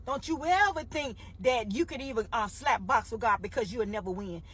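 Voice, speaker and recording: A woman minister retells a Bible story as a sermon in a high, husky voice. She is emphatic and repeats herself for weight, and she keeps calling her listeners "baby.". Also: moderate pace, fairly bright tone.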